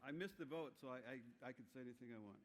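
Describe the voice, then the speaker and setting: A man's voice: medium pitch, fast talker, background noise. An older man from Arizona's Navajo Nation presenting an award at a banquet on a handheld mic, rambling and joking at his own expense. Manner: rambling, joking, self-deprecating. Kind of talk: informal banquet speech. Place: banquet hall.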